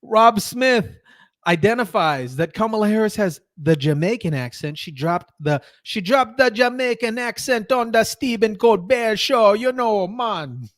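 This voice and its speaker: A man's voice: high-pitched, lively intonation, unhurried, a bit bright, no echo, clean studio sound. A man ranting on a commentary vlog, incredulous and mocking, often breaking into laughter. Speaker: commentary vlogger. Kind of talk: excited opinion rant.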